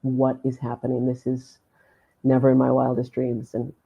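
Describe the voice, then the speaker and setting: A woman sports announcer telling a story in a podcast interview, animated and laughing often as she acts out what people said. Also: very deep voice, moderate pace, vocal fry, husky, highs cut off. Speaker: sports play-by-play announcer, guest.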